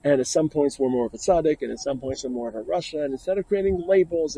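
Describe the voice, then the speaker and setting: Male rabbi, yeshiva talk, reflective storyteller, mellow and gravelly. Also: fairly high pitch, fast, hardly any pauses, poor audio.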